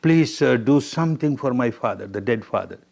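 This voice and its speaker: Man doing a grieving young man, Indian English accent, begging and flattering, in a spoken parable; his own everyday voice. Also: mid-range voice, moderate pace, vocal fry. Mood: pleading.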